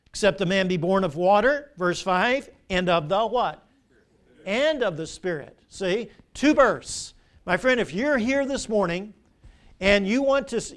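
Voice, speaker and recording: Older guy preaching a sermon, high voice, keeps asking the church "what?". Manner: preaching with call-and-response questions to the congregation. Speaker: pastor. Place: church sanctuary.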